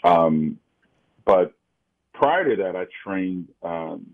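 A man's voice: low-pitched, animated, drawn-out words, narrow, tinny audio. A man calling in as a guest, a security consultant, talking about his career in an easygoing way. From Kansas City. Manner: easygoing, brief agreeing replies. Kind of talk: casual interview chat.

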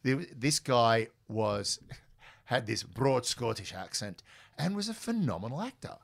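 A middle-aged man, a guest telling animated stories in a conversation. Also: mid-range voice, unhurried, gravelly. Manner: animated, lively anecdotes with quoted dialogue. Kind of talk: storytelling in a conversational interview.

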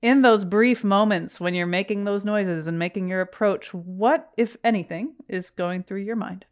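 A woman hosting an interview, asking measured, carefully phrased questions. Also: medium pitch. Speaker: host.

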